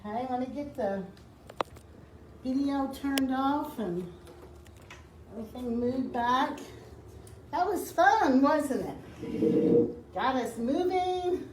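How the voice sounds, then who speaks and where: Slow-talking woman explaining a kids' craft. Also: high voice, animated, echoey room, slight background noise. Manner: gentle, unhurried instructions. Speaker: children's librarian.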